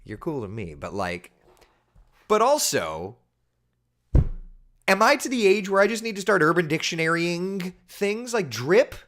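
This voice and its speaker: A man in his late thirties with a light lilt, hosting a relaxed weather livestream chat. His pitch swings widely, jumping high on exaggerated disbelief and dropping low for wry remarks, in a friendly, conversational way. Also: a little slow, pauses often. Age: 30s. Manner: animated, exaggerated incredulous asides. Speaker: weather host. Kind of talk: casual livestream chat reading viewer comments.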